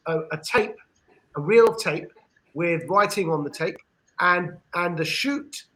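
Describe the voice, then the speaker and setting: A man with an English accent giving an earnest discussion monologue on a podcast, with frequent pauses and restarts. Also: high-pitched, bright, forceful tone, rough recording. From England. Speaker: podcast panelist.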